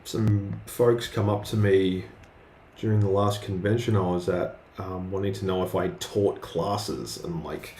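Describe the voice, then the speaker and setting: A man's voice: sits low, steady tone, measured pace, darkish tone. A man casually chatting on a live art stream, hesitant and full of fillers and restarts. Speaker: streaming artist. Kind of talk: casual live-stream chat while drawing. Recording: roomy with faint background noise.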